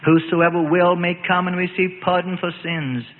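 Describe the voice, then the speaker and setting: A solemn teacher offering pardon in measured tones, as a man reads him. The voice sits high, and it comes through a tinny line with a hall-like tail. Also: flat delivery, slight background noise, close to an everyday voice. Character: solemn grown teacher pronouncing judgment and pardon. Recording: tinny phone-like line with long reverb.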